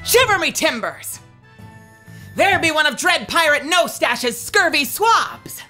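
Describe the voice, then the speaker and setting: A woman's voice: sits high, sing-song, takes it slowly, pushed and bright, soft background music, pitched above the performer's own voice, full character voice. A woman voicing a young female aquarium trainer who talks in hammy pirate speech with a put-on Scottish accent.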